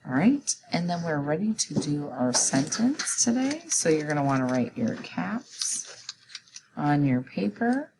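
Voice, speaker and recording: A woman teacher with a low voice talks slowly and patiently through a recorded phonics lesson, guiding young students step by step. Clear background noise and clicks sit under her voice. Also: big pitch swings.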